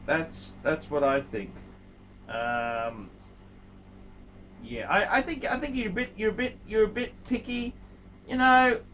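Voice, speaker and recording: A man's voice: sits high, a bit bright, a little hiss or hum, low-quality recording. A man hosting his own video channel, giving a blunt, scolding watch review and repeating himself for emphasis. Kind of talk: casual video review monologue.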